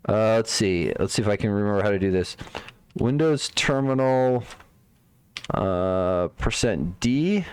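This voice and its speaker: A man's voice: on the low side, animated, unhurried, darkish tone, a little hiss or hum. A man streaming live, thinking aloud while debugging code, muttering to himself, trailing off and repeating words.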